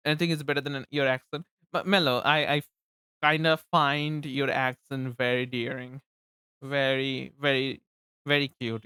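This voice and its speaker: A man's voice: medium pitch, bright, forceful tone, clean tone, no room sound, studio quality. A young man from eastern India, Bengali native, with an Indian accent, chatting casually on a livestream, rambling with laughs and repeated words. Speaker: streamer.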